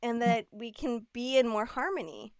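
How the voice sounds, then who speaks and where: Highly animated high-voiced woman. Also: normal speed, smooth. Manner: animated and expressive, often acting out quoted dialogue with laughter. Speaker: guest, relationship and leadership mentor. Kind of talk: casual conversational interview.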